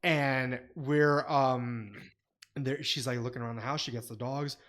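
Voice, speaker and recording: A man's voice: medium pitch, unhurried. A man co-hosting a podcast, telling stories in casual chat with heavy swearing. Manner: profane, animated storyteller. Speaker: podcast co-host.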